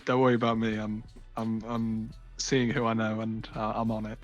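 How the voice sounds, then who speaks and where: A young man with a British accent, speaking a little low, chats as a podcast guest. He sounds laid-back and mumbles his words, often letting sentences trail off. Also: flat delivery, normal speed, dull audio, soft background music. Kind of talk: casual chat.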